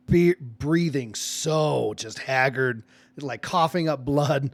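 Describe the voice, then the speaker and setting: A man's voice: a little high, a little slow. A man running a tabletop game as dungeon master, narrating animatedly with many fillers.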